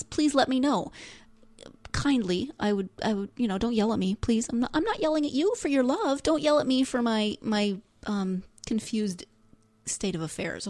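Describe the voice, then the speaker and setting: A woman's voice: medium pitch, no echo. A woman hosting a solo book podcast in a chatty, self-deprecating way, laughing now and then. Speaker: podcast host. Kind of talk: casual solo podcast talk.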